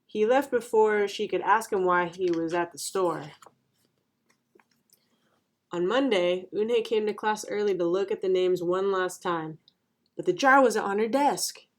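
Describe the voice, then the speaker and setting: A woman reads a children's picture book aloud. Her narration is clear and even. Her voice sits at a middle pitch. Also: measured pace. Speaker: storyteller.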